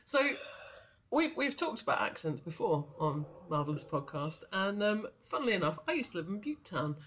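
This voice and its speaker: A woman's voice: mid-range voice, sing-song, moderate pace, a bit bright, slight background noise. A woman co-hosting a podcast, chatting casually in an enthusiastic, playfully emphatic way. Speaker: podcast co-host. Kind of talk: casual fan podcast chat.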